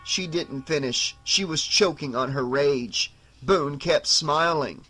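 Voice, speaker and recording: A man narrating a horror novel as an audiobook in a measured, dramatic reading. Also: on the high side, pushed and bright, low-quality recording.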